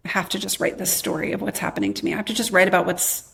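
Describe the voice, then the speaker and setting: A woman in her thirties, a podcast guest candidly telling her own life story, quoting her past self in lively bursts with a lot of "like". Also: mid-range voice, rapid-fire, creaky. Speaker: podcast guest, memoir author.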